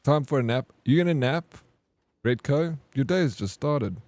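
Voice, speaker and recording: A man's voice: mid-range voice, lively intonation, normal speed, darkish tone, no echo. A man streaming a game and chatting casually with his viewers, teasing them back in playful banter. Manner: playful teasing banter, reads chat aloud.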